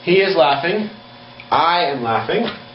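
A man teaching a slow beginner English lesson. He spells words out letter by letter and acts out laughing and crying. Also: fairly high pitch, big pitch swings. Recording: echoey, dull room with faint hum.

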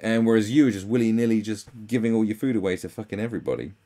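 Speaking rapid-fire in a mellow voice, a British man riffs sarcastically on memes as a commentary host. He's mocking and profane and keeps jumping into high mock voices.

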